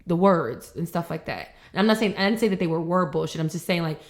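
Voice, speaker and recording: A woman's voice: fairly low pitch, fast. A young adult woman co-hosting a podcast, talking in a heated, rambling way with lots of swearing and restarts. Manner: frustrated, rambling, swears often. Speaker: podcast co-host. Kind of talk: heated casual conversation.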